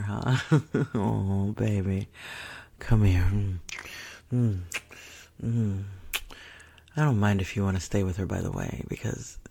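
A woman's voice: extremely low pitch, creaky, dark tone, breathy edge, heavily acted. A woman voicing a confident, possessive young woman in a whispered role-play, teasing and commanding, often dropping into whispers.

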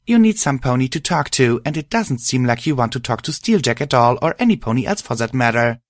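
A man's voice: very animated, brisk, no echo, clean studio sound, close to an everyday voice. A man voicing an earnest, worried young female pegasus pony who pleads with a friend. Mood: pleading. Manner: pleading, raised pitch.

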